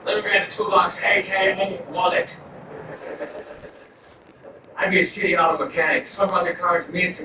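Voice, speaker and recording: A man with a high, light voice doing stand-up, firing off absurd one-liners one after another. He is caught from far off in a very echoey room with a steady hum of noise behind him. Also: brisk, long pauses. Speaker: stand-up comedian. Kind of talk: stand-up set. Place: comedy club stage.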